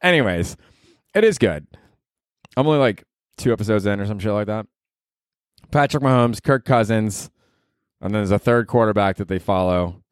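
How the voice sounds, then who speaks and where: A man's voice: lowish voice, lively intonation, moderate pace, pauses often, clear, resonant tone, dry recording, clean studio sound. A young man hosting a comedy podcast, rambling and cursing in a self-mocking way. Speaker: podcast host. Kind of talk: casual comedic monologue.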